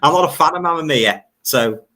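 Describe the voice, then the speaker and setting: A man's voice: on the high side, animated, brisk, bright, forceful tone. An older man from Liverpool with a Scouse accent, hosting a casual livestream chat and reading out viewer comments, repeating phrases as he talks. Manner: chatty, repeats phrases and fillers. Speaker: livestream host.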